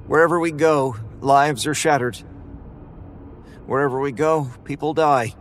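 A man narrating a first-person horror story in a flat, weary, grim manner. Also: a little high, unhurried, a little hiss or hum.

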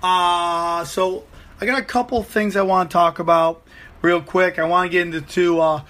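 A man in his forties hosting a podcast, telling a profane, animated comic story on his own. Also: sits high, normal speed. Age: 40s. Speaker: comedian podcast host. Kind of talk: solo comedic rant.

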